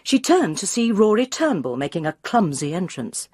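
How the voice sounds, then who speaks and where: A woman reading a mystery novel aloud in measured, expressive narration, close to the mic. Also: sits low, no room sound. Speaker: audiobook reader.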